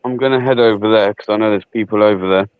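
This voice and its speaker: A laid-back man co-hosting a livestream, easygoing and full of slang. His voice is on the low side. It comes through a dull, dry, lo-fi mic. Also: fairly even intonation, fast, clean tone, dry recording. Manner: laid-back, says man and bro a lot. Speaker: co-host. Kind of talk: casual livestream banter.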